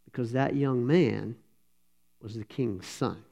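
A man, a pastor telling a sermon story in a folksy, animated way and voicing the characters. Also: mid-range voice, slow pace, creaky. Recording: slightly dull lo-fi sound.

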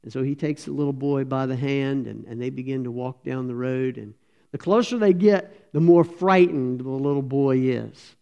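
A pastor tells a sermon story, folksy and animated, voicing each character himself. His voice is gravelly and dark, with a mellow edge. The recording is a little dull and lo-fi. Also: medium pitch, normal speed. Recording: slightly dull lo-fi sound.

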